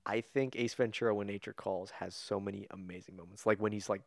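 A man co-hosting a casual podcast chat, excitable and prone to bursting into loud exclamations. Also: on the low side, quick pace, gravelly, dry recording, studio quality. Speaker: podcast co-host.

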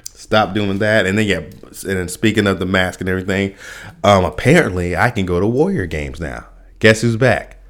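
A man's voice: sits low, lively intonation, moderate pace. A man hosting a podcast alone, rambling through a casual rant with lots of fillers, restarts and little laughs at himself. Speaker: podcast host.

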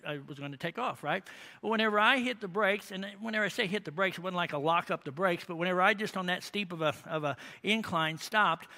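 Folksy middle-aged preacher, high and bright. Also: male voice. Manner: folksy, rambling, frequent asides and tag questions. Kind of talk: sermon storytelling.

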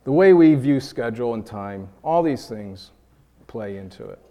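Male preacher from New York, mid-range voice, lively sermon delivery, acts out quoted voices, large reverberant hall. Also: mid-range voice, moderate pace, dull audio. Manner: animated, acts out quoted voices, repeats words when building a point.

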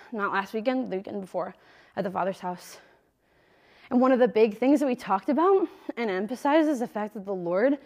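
Young woman, missionary speaker, faith talk to a group, casual and emphatic, some vocal fry. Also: medium pitch, darkish tone. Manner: conversational and emphatic, speaks straight to listeners.

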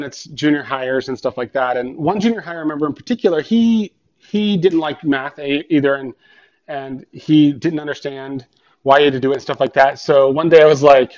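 A man who works as a tutor and teacher, telling a personal story in an earnest, rambling way and often repeating and restarting phrases. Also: mid-range voice. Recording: dull, muffled lo-fi sound.

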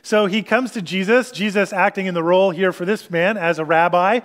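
High-voiced man preaching a sermon. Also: a bit bright. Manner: earnest, explanatory teaching with pauses and restarts. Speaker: pastor.

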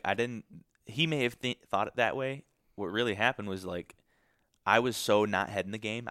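A man from Michigan tells a story as a podcast guest, talking fast and loose with lots of "like"s and with real feeling in his voice. His voice sits a little low, and the sound is close and dry, with no room around it. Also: fairly bright tone, clear, resonant tone, no echo. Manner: emotional, many "like" fillers. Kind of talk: casual storytelling.

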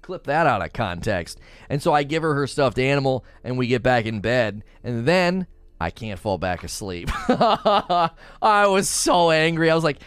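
A man's voice: mid-range voice, very animated, a little slow, fairly bright tone, smooth, dry recording, soft background music. A man chatting casually on a livestream, reading chat messages aloud and telling rambling stories. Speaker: streamer.

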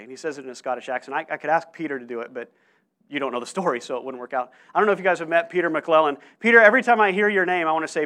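A man preaching a sermon to his church, telling stories in an animated way with frequent restarts. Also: a little high, quick pace. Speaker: pastor.

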